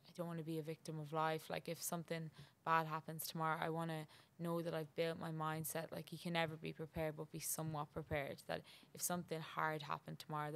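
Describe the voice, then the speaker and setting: A woman's voice: low voice, creaky. A young Irish woman, a guest on a podcast, talking in a chatty, reflective way full of "like". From Ireland. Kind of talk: casual chat.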